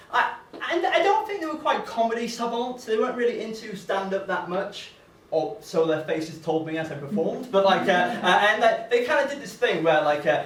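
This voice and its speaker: A man's voice: high-pitched, fairly bright tone. Rambling young male stand-up comic. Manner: rambling, self-deprecating, full of fillers. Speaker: stand-up comedian. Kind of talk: live stand-up set. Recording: echoey room, mic from far off.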